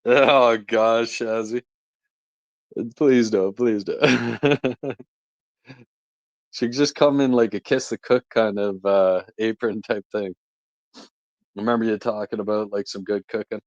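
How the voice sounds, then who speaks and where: A young man chats loosely with his stream audience, laughing between remarks and answering the chat as he goes. He speaks into a phone mic with a lowish voice, and the sound is dry, with little room echo. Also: steady tone, slow pace, pauses often, highs cut off. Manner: chatty, laughs often, reads and answers chat. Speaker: stand-in stream host. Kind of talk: casual live-stream chat. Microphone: phone microphone.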